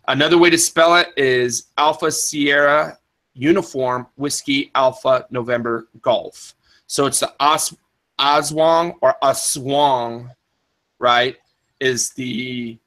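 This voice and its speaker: A man's voice: mid-range voice, pushed and bright, rough recording. A man hosting a podcast in casual talk, rambling with many restarts and fillers, and stopping to answer the live chat. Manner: answers live chat, spells words in the phonetic alphabet. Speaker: podcast host.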